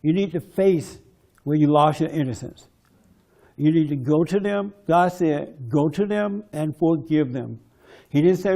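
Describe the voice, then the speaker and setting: Brief: high, gravelly male speaker, forceful preacher style, conference talk. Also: normal speed. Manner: preachy, forceful, mimics others in quoted bits.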